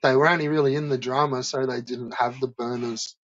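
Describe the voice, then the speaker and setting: A man's voice: mid-range voice, fairly even intonation, fairly quick, fairly bright tone, no room sound, highs cut off. A man streamer in casual chat, laid-back and rambling, with casual swearing.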